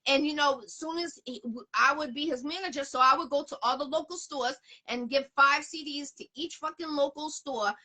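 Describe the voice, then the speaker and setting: A woman's voice: high-pitched, moderate pace, few pauses, sharp tone. A woman hosting a casual interview, talking emphatically and repeating her points. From Boston area. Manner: emphatic, repeats herself, promotional. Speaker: host.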